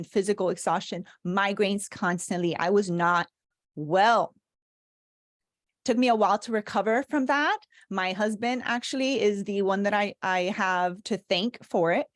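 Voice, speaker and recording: A woman in her thirties, from Cuba, telling a personal story in a lively talk and acting out bits of the dialogue. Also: mid-range voice, dry recording, studio quality. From Cuban. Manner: animated storyteller, laughs often, acts out dialogue. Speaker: speaker and leadership consultant.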